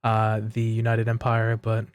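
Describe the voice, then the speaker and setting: A man's voice: fairly low pitch, completely flat delivery, unhurried, clean tone, no echo. A man co-hosting a wrestling podcast, recapping matches casually and steadily, step by step. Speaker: podcast co-host.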